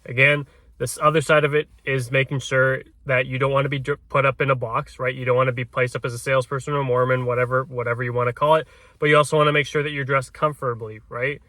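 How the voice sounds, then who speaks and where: Bright-voiced man coaching, keeps saying "right?". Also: mid-range voice, flat delivery, fast talker, dry recording. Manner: peppers sentences with tag "right?"; restarts and repeats words. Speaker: realtor coaching door knocking. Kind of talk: casual coaching talk to camera.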